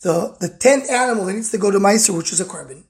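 A woman's voice: mid-range voice, quick pace. A woman teaching a text study lesson. She reads short phrases of the original text and explains each one in plain English, talking in short bursts with small restarts. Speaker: Talmud teacher.

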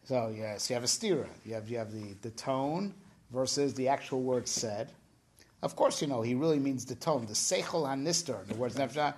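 A man's voice: medium pitch, normal speed, breathy edge. A man teaching Torah in a casual discussion, often repeating himself and checking in with "right?".

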